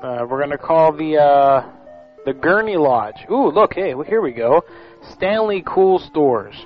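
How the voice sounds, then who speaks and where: A cheeky man running prank calls with goofy, deadpan patter. His voice sits a little high. The audio is dull and lo-fi, with faint music underneath. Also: a little slow. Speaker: prank show host. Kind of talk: casual chat.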